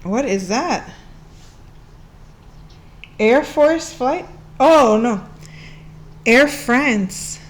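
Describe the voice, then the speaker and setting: A woman giving a casual astrology reading, chatty and playful, breaking into laughs and bits of song. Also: fairly high pitch. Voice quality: playful, chatty, laughs often and sings along. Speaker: astrology reader.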